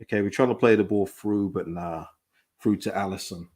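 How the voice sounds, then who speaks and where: Speaking at a moderate pace in a low-pitched voice, this man hosts a live stream where viewers watch football along with him. The chat is casual live reaction: he gets excited, reads viewer comments aloud, and laughs a lot.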